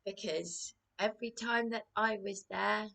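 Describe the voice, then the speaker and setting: Woman, slow-paced, slightly hoarse, aggrieved, repetitive, personal vlog. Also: medium pitch, fairly even intonation, sharp tone. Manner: aggrieved, repetitive, many restarts. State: voice a bit hoarse. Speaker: vlogger.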